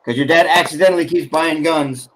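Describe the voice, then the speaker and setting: A man's voice: a little high, steady tone, a little fast, fairly bright tone, slight background noise. A man co-hosting a casual group stream, teasing and ribbing the others. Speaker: podcast co-host.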